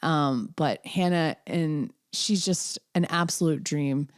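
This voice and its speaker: Woman host, deep voice, excitable chatty promo read, dry close mic. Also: slow, no echo. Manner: bubbly, excitable, rambling. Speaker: podcast host. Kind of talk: casual podcast promo.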